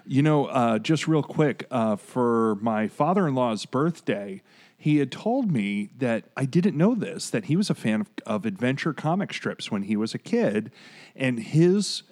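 A man's voice: medium pitch, very animated, a little slow, a little mellow. Chatty man in his forties hosting. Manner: chatty, digressive, easygoing. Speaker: podcast host. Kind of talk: casual chat, announcing award winners.

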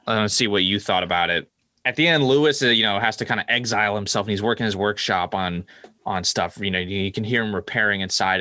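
A man co-hosting a podcast in casual chat, wry and quick to laugh, with lots of "like". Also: on the low side, bright, forceful tone, dry recording, studio quality. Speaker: podcast co-host.

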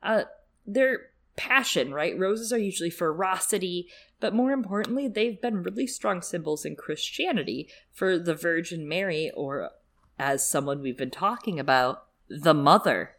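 Low-voiced wry woman podcaster. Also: expressive, normal speed, fairly bright tone. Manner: wry, joking asides. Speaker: podcast co-host. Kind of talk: casual chat.

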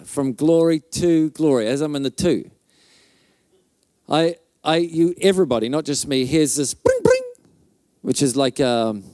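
A man's voice: a little high, no room sound. Chatty male pastor, dry close sound. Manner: animated storyteller, makes sound effects with his mouth; loose and chatty, with many fillers and restarts. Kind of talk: conference sermon telling a testimony story.

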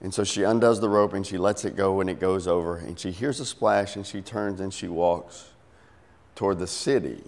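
Middle-aged pastor preaching in a reverberant hall. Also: male voice, normal speed. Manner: storytelling, acts out voices with big pitch swings. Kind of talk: sermon.

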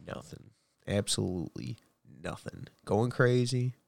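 A man's voice: on the low side, a little slow, vocal fry, no echo. A young man co-hosting a casual podcast, joking crudely with a wry manner. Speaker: podcast co-host. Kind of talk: casual chat.

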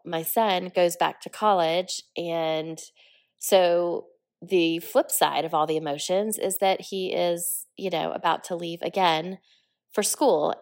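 A woman's voice: fairly low pitch, vocal fry. A woman in her forties hosting her own podcast, talking candidly and a little rambling, stuffy from a head cold. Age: 40s. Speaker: podcast host. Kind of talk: solo podcast monologue.

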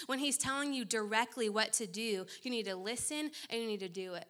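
A young woman preaching to a room of young people, her voice bright and ringing, pitched a little high. She talks directly and urgently, slipping in playful asides and little mocking impressions. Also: moderate pace, hardly any pauses. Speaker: guest speaker. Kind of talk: youth sermon.

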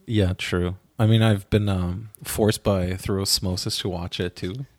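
A man with a low voice and a phlegmy throat, co-hosting a laid-back podcast. He drops dry, joking asides between filler words. The recording is close and dry. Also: fairly even intonation, a little slow, darkish tone, no room sound. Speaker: podcast co-host. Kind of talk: casual podcast chat.

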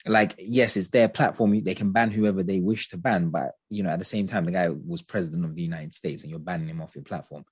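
Man, podcast co-host, deep voice, husky, dry close sound, casual chatty opinions. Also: fairly quick, few pauses, no echo. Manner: chatty, animated opinions with frequent hedges.

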